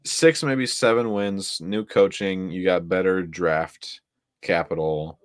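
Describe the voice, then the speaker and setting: A young man with a very low, deep voice talks football in a loose, excitable way, piling up stats and laughing between points. The sound is close and dry, with no room echo. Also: slow. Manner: excitable, stat-heavy, laughs often. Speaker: co-host. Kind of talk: casual sports chat.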